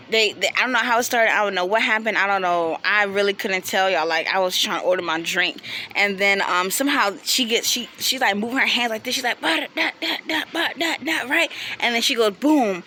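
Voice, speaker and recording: Young woman chatting a storytime outside, bright voice, faint traffic hum behind. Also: mid-range voice. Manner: chatty, animated, acts out friends' lines. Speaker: vlogger. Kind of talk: casual storytime. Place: outdoors. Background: passing vehicles.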